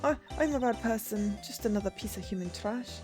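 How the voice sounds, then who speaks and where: A woman's voice: fairly high pitch, normal speed, soft background music, close to an everyday voice. A woman voicing a gloomy, self-loathing young woman who calls herself trash, with a mopey muttering manner.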